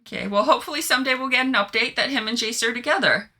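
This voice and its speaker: A woman co-hosting a casual chat show, chatty, laughing easily and giving quick opinions. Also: on the high side, bright, forceful tone. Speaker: podcast co-host.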